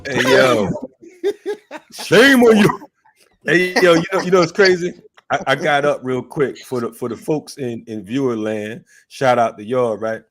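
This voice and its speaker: A man's voice: medium pitch, unhurried, fairly bright tone. Laughing, joking man hosting a show. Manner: joking, laughing, loose street slang. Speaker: host. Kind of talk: casual chat on a video call show. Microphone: video call.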